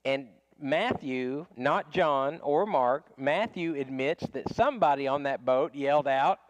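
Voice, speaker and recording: A man's voice: mid-range voice, lively intonation, measured pace, lo-fi sound, a little hiss or hum. A man teaching a casual Bible study class, talking conversationally with frequent restarts and small chuckles.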